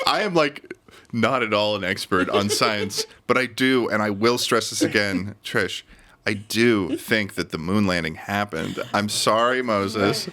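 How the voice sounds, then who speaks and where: Podcast guest guy, lowish voice but bright, rambles and jokes. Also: measured pace. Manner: rambling, restarting, joking. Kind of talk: casual chat.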